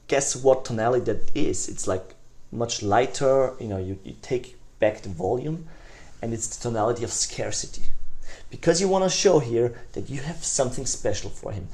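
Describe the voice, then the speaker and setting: A man giving a recorded online sales lesson in a mid-pitched voice. He talks casually, full of "you know" and restarts, and he jumps from loud, eager delivery to quiet, hushed phrases to show how each tone sounds. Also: animated, moderate pace. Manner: demonstrates tonalities, swings between loud enthusiasm and soft hushed lines; conversational, many fillers and restarts. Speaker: sales trainer.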